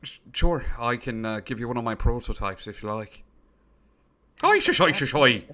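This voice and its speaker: A man's voice: mid-range voice, steady tone, fairly quick, close to an everyday voice. A man voicing a flustered inventor who fakes a stage Irish accent through a voice gadget, stumbling over his words. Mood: chummy. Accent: put-on stage Irish.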